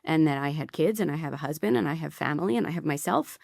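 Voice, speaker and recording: A middle-aged woman, a podcast guest, telling a personal story candidly with quick asides. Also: low voice, animated, creaky, darkish tone, no room sound, clean studio sound.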